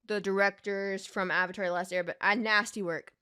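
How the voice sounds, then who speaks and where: A woman's voice: medium pitch, steady tone, a little fast, pushed and bright, clean tone. A young woman hosting a reaction video, ranting in a heated, profane way and addressing the character directly, worked up and sweating. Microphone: desk microphone.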